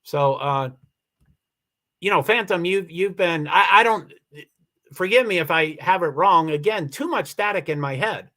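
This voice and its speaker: Speaking in a high, sharp, expressive voice without hurrying, a livestream host goes through viewer comments in casual chat. He is emotional and on the verge of tears, rambling and starting over many times. The sound comes through a computer mic on the live stream.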